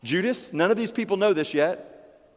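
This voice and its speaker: A man voicing Jesus as an earnest, gentle adult man speaking straight to his disciples in a sermon. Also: high-pitched, expressive, normal speed, big-room sound. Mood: tender.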